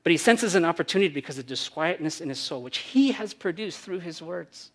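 A male preacher delivering a sermon, with a voice pitched a little higher than most men's. He is animated, acts out the voices of the people he quotes, and moves between loud, punchy emphasis and quiet, hushed lines. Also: fairly quick. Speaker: pastor.

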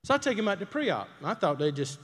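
Brief: middle-aged man, folksy storytelling preacher, slightly high, animated voice, echoing church hall. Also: fast, husky. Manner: folksy, conversational, asks the crowd questions. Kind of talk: storytelling sermon. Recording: long hall reverb.

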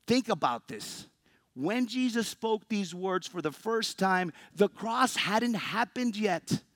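A man's voice: high-pitched, expressive, slow, no echo. A man preaching a sermon as pastor, speaking earnestly and conversationally and addressing the congregation directly. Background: soft guitar music.

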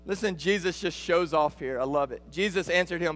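A man with a Texan accent preaching a lively sermon as a guest speaker, talking to the congregation and calling out to them. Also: a little high, a little fast, hardly any pauses, long reverb tail, soft background music. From Texas. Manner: animated, rising to emphatic calls. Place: church sanctuary.

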